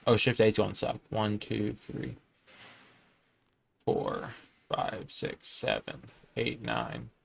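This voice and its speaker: A young man casually commenting on a game he plays, reading its text aloud in a low-key way. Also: little pitch movement, slow, creaky, long pauses, husky. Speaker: gaming YouTuber. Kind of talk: let's play commentary.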